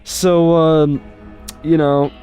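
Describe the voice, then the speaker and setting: A man improvising a comic story, rambling and halting, full of fillers and swearing. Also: fairly high pitch, flat delivery, warm tone, clear, resonant tone, soft background music.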